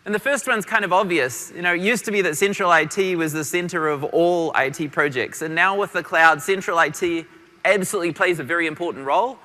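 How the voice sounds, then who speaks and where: Bright New Zealand man presenting. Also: high voice, big-room sound. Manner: energetic, quick, self-deprecating. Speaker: conference presenter. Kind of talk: tech conference talk. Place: large conference hall.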